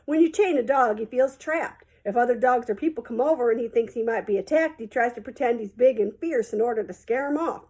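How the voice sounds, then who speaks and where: A woman reading aloud voices a tall, friendly male veterinarian who speaks in a calm, soft way. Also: fairly high pitch, a little fast, few pauses, lightly acted. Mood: patient explaining.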